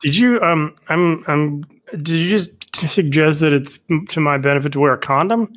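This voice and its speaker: A man guesting on a comedy podcast, rambling through a story with restarts and quick impressions. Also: a little high, fairly bright tone. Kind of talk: casual comedy podcast chat.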